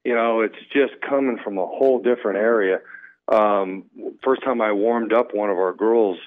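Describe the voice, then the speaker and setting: Guest guy calling in, low voice, sounds like a phone line, kinda rambly. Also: moderate pace. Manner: relaxed, storytelling, many fillers. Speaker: guest, former pro baseball player. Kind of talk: casual radio interview.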